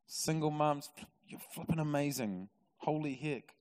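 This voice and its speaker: A male pastor with a New Zealand accent delivers a sermon, his fairly high voice ringing through a large, reverberant church hall. He tells stories with animated energy, then drops to soft, intimate tones. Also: a little slow. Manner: animated storyteller, swings from loud excitement to quiet intimacy.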